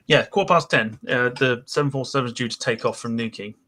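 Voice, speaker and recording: A man's voice: mid-range voice, fast, pushed and bright. A man co-hosting a casual aviation podcast, joking and laughing often as he reads out comments. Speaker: podcast co-host. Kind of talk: casual chat.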